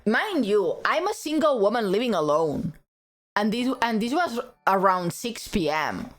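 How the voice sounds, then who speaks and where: A woman streamer tells a story to her live chat in a relaxed, unhurried way. She laughs often and drops Japanese words into her English. She sounds close to a desk mic. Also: mid-range voice, a little hiss or hum.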